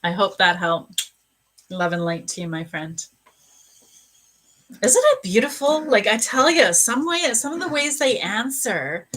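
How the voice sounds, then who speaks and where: Bright-voiced gushing psychic woman. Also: mid-range voice. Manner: gushing, emotional, warm-hearted talk. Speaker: psychic medium doing live readings. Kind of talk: live-stream card reading.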